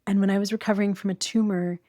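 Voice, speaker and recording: A middle-aged woman tells a story as a podcast guest, lively and quick. She laughs often. Her voice sits at an ordinary pitch, and the recording is dry and close. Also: dry recording. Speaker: guest, abuse survivor.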